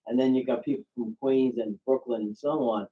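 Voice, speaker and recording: A man with a Boston accent co-hosts in casual chat, halting and telling anecdotes. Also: mid-range voice, fairly even intonation, phone-quality sound. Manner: halting, tells anecdotes with quoted voices. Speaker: show co-host.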